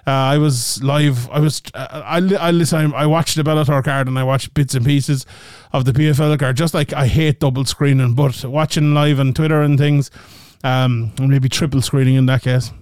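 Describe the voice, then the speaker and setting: A man's voice: mid-range voice, fairly even intonation, moderate pace, darkish tone, dry recording, clean studio sound. A male podcast host reading ads in a casual, joking, rambling way, often correcting himself. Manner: rambling, jokey, self-correcting. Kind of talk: casual chat and ad reads.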